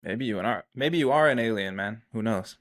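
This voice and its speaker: Low-voiced male podcast host. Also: animated, normal speed, dry recording, clean studio sound. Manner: brief reactions and laughs. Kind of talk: casual chat.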